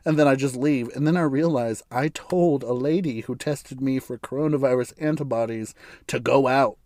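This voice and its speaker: In a casual solo monologue, an American podcast host rambles along with sarcastic remarks and frequent laughter. He speaks at a moderate pace in a medium, slightly mellow voice, with no room sound.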